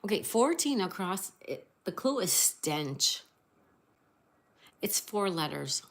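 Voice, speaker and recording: A woman's voice: fairly low pitch, sing-song, slow pace. A woman hosting a casual livestream, greeting viewers, reading chat aloud and spelling out crossword answers. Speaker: livestream host.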